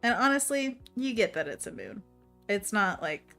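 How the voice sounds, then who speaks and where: A woman's voice: mid-range voice, very animated, moderate pace, bright, forceful tone, soft background music. A woman hosting a painting livestream, chatting casually, reading viewer messages aloud and laughing often while she works. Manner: talks to herself while working. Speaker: livestream host painting envelopes.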